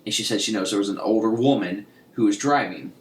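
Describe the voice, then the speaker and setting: A fast-talking man with a lowish voice co-hosts a podcast, chatting loosely and rambling through stories with frequent restarts and laughter. The room is echoey, with a faint hiss.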